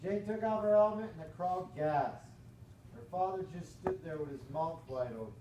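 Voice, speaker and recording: A male professor reading a storybook aloud to a class with animated, playful asides. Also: sits high, normal speed. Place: lecture hall. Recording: echoey lecture hall from far off, noisy.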